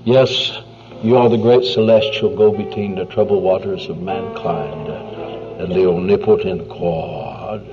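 A man preaching a sermon in an earnest, conversational way, often dropping to a hushed near-whisper. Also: low voice, steady tone, a little slow. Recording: dull lo-fi recording with faint music.

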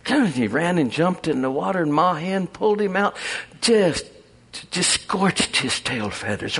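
Husky, gravelly male preacher. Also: on the high side, normal speed. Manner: folksy storytelling, animated, chuckling. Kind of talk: sermon.

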